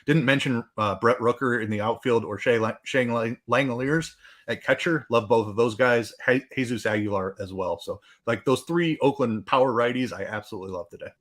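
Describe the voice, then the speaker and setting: A man's voice: mid-range voice, brisk, a bit bright. A man giving enthusiastic opinions as a guest analyst on a casual live stream. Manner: enthusiastic, talks in restarts and "like"s.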